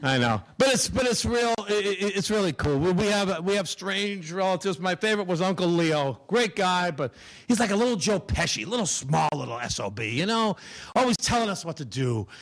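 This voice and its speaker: A male stand-up comedian tells punchy stories about his Italian-American family. His voice is high for a man and jumps all over the place as he builds each joke. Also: moderate pace. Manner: animated, punchy storytelling.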